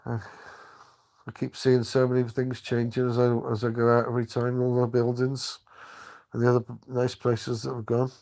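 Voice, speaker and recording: Older guy rambling on a livestream, lots of restarts, pretty monotone. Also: mid-range voice. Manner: rambling, halting, many restarts. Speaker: live streamer. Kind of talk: casual live-stream chat.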